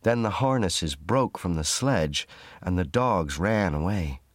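Male narrator, very deep voice, slow measured storybook reading, dry close sound. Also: animated, no room sound. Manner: measured, clear reading for learners.

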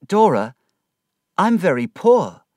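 An earnest young man voiced by the male narrator, a little higher and brighter than his own voice. He sounds gentle and sincere, rising and falling widely. The read is slow and dry, close to the mic. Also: very animated, no echo, heavily acted.

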